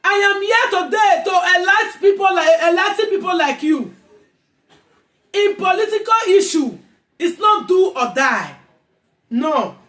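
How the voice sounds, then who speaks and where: A woman with a Nigerian accent, ranting angrily in a vlog, repeating herself and often shouting. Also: very high-pitched, lively intonation, a little slow, reverberant. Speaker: vlogger. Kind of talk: angry rant to camera.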